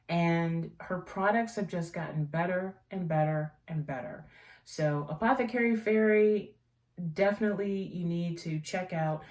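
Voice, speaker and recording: A woman's voice: lowish voice, recorded from a distance. A woman hosting a tea vlog, talking in a casual, rambling way and gushing about teas and small-business products. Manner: rambling, warm-hearted enthusiasm for products. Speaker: tea vlogger and host. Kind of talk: casual chatty review. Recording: echoey room, voice away from mic.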